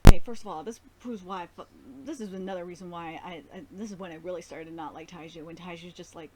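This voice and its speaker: A woman's voice: lowish voice, fast, a little mellow, slight background noise, poor audio. A woman hosting a live anime reaction, talking in an exasperated, nitpicky way and swearing often. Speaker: host.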